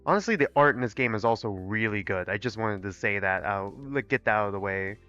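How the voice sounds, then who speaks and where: A man's voice: on the low side, fast, few pauses, sharp tone, smooth, muffled recording, soft background music. A man reading game text aloud on a live stream and chatting between lines. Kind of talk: live gameplay reading and commentary.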